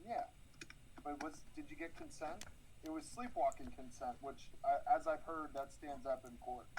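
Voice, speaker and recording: A man's voice: a little high, moderate pace, darkish tone, a little hiss or hum, low-quality recording. A man co-hosting a podcast, delivering crude jokes in a dry, rambling way. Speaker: podcast co-host. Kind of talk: crude comedic banter.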